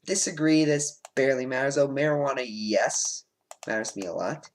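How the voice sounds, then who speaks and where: On a rough recording from a home desk microphone, a man with a mid-range voice and moderate pace hosts a let's play. He reads out quiz statements and gives blunt answers, saying um often.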